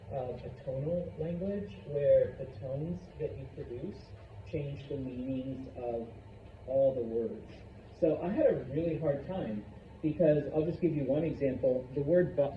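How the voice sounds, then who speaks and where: A male Spanish teacher giving a classroom lesson, animated and constantly checking in with the students. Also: fairly high pitch, slight background noise. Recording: echoey classroom from far off, dull.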